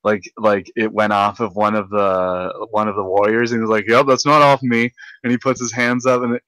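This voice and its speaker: Low-voiced young man rambling in a rant. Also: moderate pace, no echo, low-quality recording. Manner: rambling, excitable, repeats words. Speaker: podcast host. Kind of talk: ranting casual chat.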